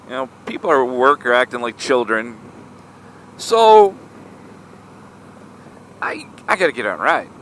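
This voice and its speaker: A man casually telling a story to his vlog audience, chatty and animated, often tossing in "right?". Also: mid-range voice, measured pace, long pauses, a little hiss or hum. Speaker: motorcycle vlogger.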